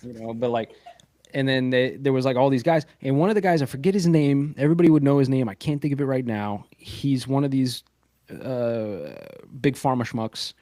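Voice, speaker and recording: A man's voice: mid-range voice, brisk, no echo. A man co-hosting a podcast tells stories with animation and swears freely. His voice sits mid-range and sounds dry and close to the mic. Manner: animated, profane, storytelling with quoted voices. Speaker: podcast co-host. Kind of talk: casual podcast chat.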